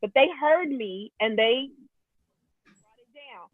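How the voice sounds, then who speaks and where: Woman, casual chat, animated storytelling, husky, phone-like audio. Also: fairly high pitch, slow, no room sound. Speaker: co-host. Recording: tinny phone-like video call line.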